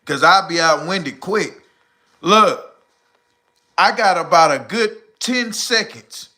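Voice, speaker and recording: A middle-aged man chats loosely through his live stream, slangy and rambling as he answers comments. He sounds short of breath, with a bright, forceful voice sitting a bit high. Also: expressive, slow pace. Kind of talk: casual live stream chat reading comments.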